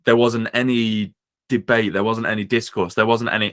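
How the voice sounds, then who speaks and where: Mocking podcast co-host, low voice. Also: male voice, flat delivery, fairly bright tone. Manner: opinionated, mocking, slips into quick impressions. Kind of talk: casual political chat.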